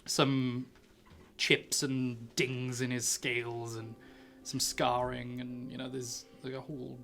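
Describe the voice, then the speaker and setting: A man's voice: mid-range voice, flat delivery, takes it slowly, creaky, fairly bright tone, faint music behind. A man running a tabletop game, narrating in a rambling way and laughing often. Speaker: game master.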